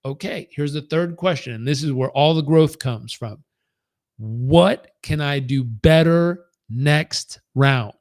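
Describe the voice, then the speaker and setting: A man's voice: a little high, takes it slowly, a little mellow, no echo, studio quality. A middle-aged man with a slightly raised voice coaches a live training group. He talks earnestly and leans on emphatic repeated phrases, building his points in lists. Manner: earnest, storytelling, acts out quoted dialogue. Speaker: performance coach.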